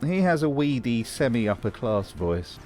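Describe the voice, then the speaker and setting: A man's voice: mid-range voice, big pitch swings, a little slow, darkish tone. Guy narrating with dry mocking jokes, voice all over the place, light music under it. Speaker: host. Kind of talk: scripted commentary on accents.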